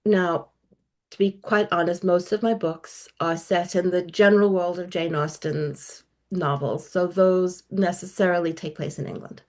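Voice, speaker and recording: A woman's voice: lowish voice, steady tone, a little slow. A middle-aged woman guest author talking about her work in a podcast interview, articulate and enthusiastic. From South Africa.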